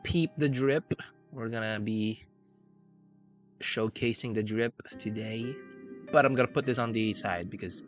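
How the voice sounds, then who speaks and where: A man's voice: medium pitch, a little slow, pauses often. Playful rambling male streamer. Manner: playful, rambling, self-mocking. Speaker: VTuber streamer. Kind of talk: casual game stream chatter. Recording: game music playing behind.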